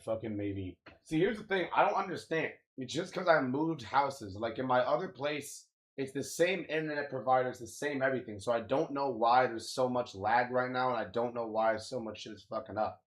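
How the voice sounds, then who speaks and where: A young man chatting casually on a live stream, slangy and swearing, venting about lag and reacting with drawn-out "wow"s. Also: mid-range voice. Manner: loose, slangy, swears often, exclaims "wow" a lot; frustrated, ranting about lag.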